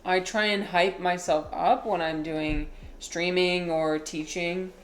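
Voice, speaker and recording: Low-key, low-voiced woman streamer, chatty. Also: slow, slight background noise. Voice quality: usually flat and low-key, by her own account. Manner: chatty and rambling, many fillers, laughs while talking. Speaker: streamer and English teacher. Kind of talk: casual live-stream chat.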